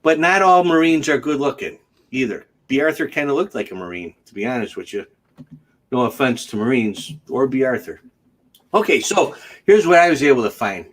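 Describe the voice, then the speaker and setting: A man's voice: medium pitch, big pitch swings, a little fast, fairly bright tone. Man, host, casual livestream chat, joking, chatty, laughs a lot.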